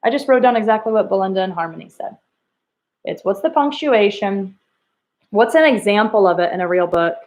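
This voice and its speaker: A woman's voice: medium pitch, darkish tone, highs cut off. Woman teaching a reading lesson. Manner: slow, emphatic questions to pupils, acting out quoted lines. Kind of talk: recorded remote reading lesson for children.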